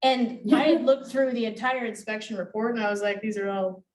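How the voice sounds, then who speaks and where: A woman's voice: a little high, fairly even intonation, fairly quick, darkish tone. Blunt, swearing woman trainer, miked from afar. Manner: blunt, swears freely, acts out dialogue. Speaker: real estate negotiation trainer. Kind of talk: classroom talk to agents. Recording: voice from a distance.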